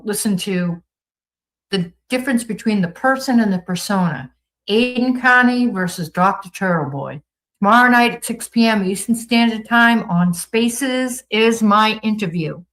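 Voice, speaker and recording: A woman's voice: mid-range voice, a bit bright, rough recording. A woman with a Boston accent hosting a livestream, reading viewer comments aloud and answering them in an upbeat, gushing way. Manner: reads viewer comments aloud and responds chattily. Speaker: livestream host reading chat. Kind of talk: casual chat.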